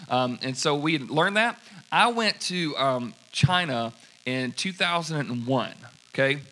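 Animated pastor telling a sermon story, bright and somewhat high-pitched. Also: male voice, measured pace. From United States. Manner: animated, acts out quoted dialogue.

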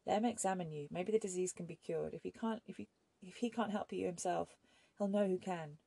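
A woman's voice: fairly low pitch, brisk, vocal fry, dark tone, husky, dry recording. A woman reading an audiobook voices a defiant, demanding young woman captive with an insistent, confrontational manner. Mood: angry pleading.

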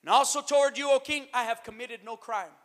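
A man preaching a sermon as pastor, calling out to the church and rising to shouted emphasis. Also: very high-pitched, steady tone, fairly quick. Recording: long reverb of a hall.

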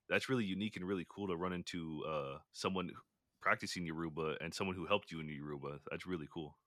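A man hosting a podcast, chatting casually and calmly explaining things to his guest. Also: sits low, no room sound, clean studio sound. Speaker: podcast host. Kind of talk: casual interview chat.

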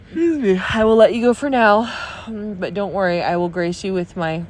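A woman's voice: medium pitch, normal speed. A tired, stuffy woman rambling in a casual recorded message to a friend, encouraging and trailing off, with yawns between thoughts. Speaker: friend sending a video message. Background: dog barking.

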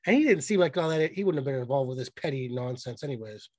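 A man co-hosting a podcast in casual chat, excited and profane, mocking what he talks about. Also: mid-range voice, dry recording. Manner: excited, profane, mocking, quick bursts of mimicry. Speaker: podcast co-host.

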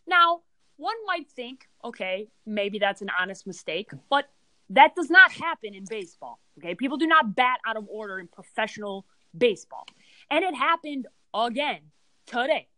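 A woman's voice: on the high side, lively intonation, moderate pace, sharp tone, dry recording, rough recording. A woman co-hosting a casual sports podcast, ranting in an emphatic, exasperated way. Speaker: podcast co-host.

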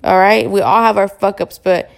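A woman's voice: medium pitch, steady tone, normal speed, creaky. A young woman hosting a casual podcast monologue, venting bluntly with lots of swearing. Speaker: podcast host.

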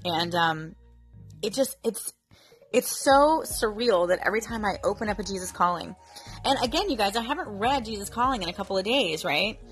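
A woman's voice: medium pitch, lively intonation, fairly quick, fairly bright tone, faint music behind. A woman in her thirties hosting a casual devotional podcast, talking earnestly and chattily with many fillers. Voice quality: chatty, earnest, lots of fillers like um and you know. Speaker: podcast host.

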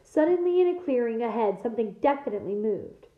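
A woman teacher reading a novel aloud to her class, in a steady storytelling manner with small slips. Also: fairly high pitch, quick pace. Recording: echoey room, tinny phone-like sound.

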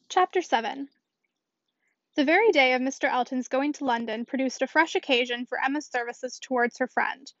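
A high-voiced woman narrates a novel as an audiobook reader, delivering scripted narration at a moderate pace. The recording is dull, dry and lo-fi, with no room sound.

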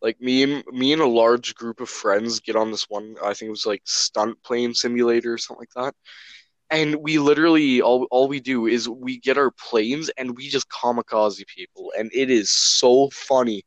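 Young dude rambling thru a story, clears his throat a lot, dry mic. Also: mid-range voice, fairly even intonation, moderate pace, no echo, highs cut off. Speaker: podcast co-host. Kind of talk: casual chat among friends.

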